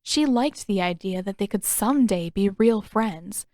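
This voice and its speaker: A woman reading her own fanfiction aloud as a podfic with steady, even-paced storybook narration. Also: medium pitch, unhurried, no echo, studio quality. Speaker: fanfiction author and podfic reader.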